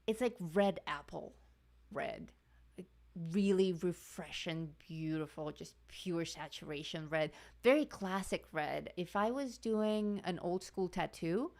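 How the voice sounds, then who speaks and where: A woman's voice: lowish voice, creaky, a little mellow. A woman hosting a live coloring stream, chatting casually with viewers, laughing often and greeting people in the chat.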